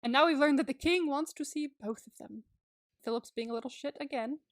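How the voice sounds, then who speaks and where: A woman's voice: high-pitched, fairly quick, no echo, studio quality. A woman co-hosting a podcast, chatting casually and animatedly, laughing often and acting out lines as she recaps. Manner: animated and giggly, acting out quotes; swears freely. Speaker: podcast co-host. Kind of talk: casual chat recapping a movie.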